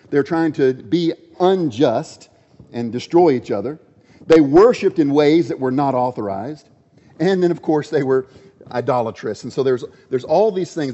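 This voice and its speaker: Emphatic preacher in a reverberant church. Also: male voice, mid-range voice, lo-fi sound. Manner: emphatic, varies loudness, drops to quiet asides. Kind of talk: sermon. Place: church with a pulpit.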